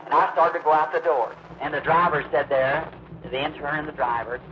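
A man preaches in a slightly high voice, telling his story slowly and emphatically. He acts out the other people's lines as he goes. The old recording is muffled, with a faint hiss. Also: fairly even intonation. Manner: drawn-out, emphatic storytelling with acted quotes. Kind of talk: sermon storytelling.

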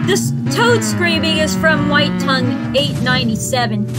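A woman's voice: high voice, animated, a little slow, few pauses. A woman in her thirties hosting a casual video reaction, giggly and chatty, reading cartoon lines aloud. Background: music from the video.

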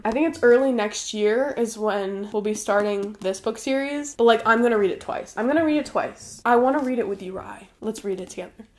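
A woman hosting her own channel, chatting to camera in a gushing, excitable way while unboxing gifts. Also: a little high. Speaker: booktube host. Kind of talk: casual chat to camera, unboxing.

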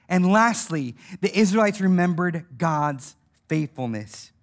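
A man's voice: very high voice, lively intonation, normal speed, fairly bright tone. A male preacher delivers a sermon with plenty of energy and humor. He laughs as he tells the stories and acts out the voices he quotes.

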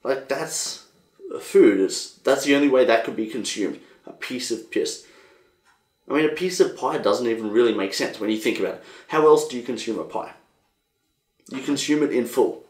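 A young Australian man hosting a casual solo podcast, rambling and animated, swearing freely. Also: medium pitch, moderate pace, echoey room. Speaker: podcast host.

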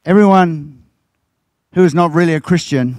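A man's voice: normal speed, a little mellow, dry recording. An older man, a pastor preaching a sermon and telling stories, acting out quoted lines. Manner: storytelling, acts out quotes with big pitch jumps.

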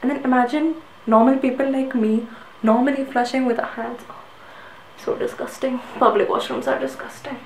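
A woman's voice: sits high, fairly even intonation, moderate pace, darkish tone, echoey room, slight background noise, rough recording. A woman ranting with exasperation about people's bad hygiene habits in a casual video.

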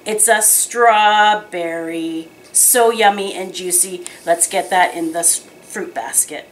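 A woman teaching preschool children in a slow, sing-song, animated way. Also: on the low side, a little hiss or hum. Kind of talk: children's lesson and picture-book reading.

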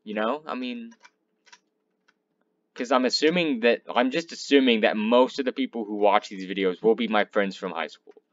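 A young man casually commenting on his gameplay, swearing and rambling between loud outbursts and low mumbling. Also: moderate pace, dull audio. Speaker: gaming channel host.

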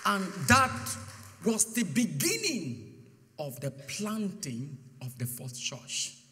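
A man preaching a guest sermon, telling his testimony with mounting passion and bursts into shouted declarations. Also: high-pitched, huge pitch swings, slow, breathy edge. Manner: impassioned storytelling, swelling to shouted declarations. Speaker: guest pastor. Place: church sanctuary. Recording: long church hall reverb.

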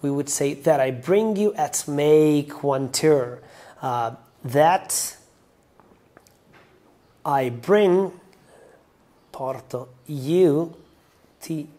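Italian guy teaching english-italian lyrics, talks real slow and careful, step by step. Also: a little high, lively intonation, mellow. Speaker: language teacher. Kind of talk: explaining song lyrics to learners.

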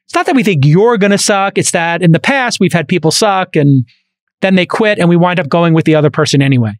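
A man with a Brooklyn accent hosting a podcast interview, talking in an animated, rambling way full of fillers and restarts into a studio microphone. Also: high voice, fast, no echo. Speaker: podcast host. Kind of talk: casual interview chat.

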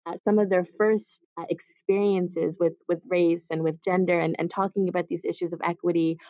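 A young woman speaks as a guest on a video call, with a fairly low voice. She answers thoughtfully and often pauses on "um" and repeats words. The call audio is dull and dry, with no room sound. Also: flat delivery, dry recording. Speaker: author and guest.

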